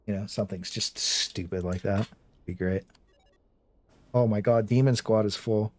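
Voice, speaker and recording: A man's voice: fairly low pitch, fairly even intonation, normal speed, long pauses, darkish tone. A young man casually chatting with his viewers during a game live stream, rambling and joking, often with a laugh. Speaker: gaming streamer.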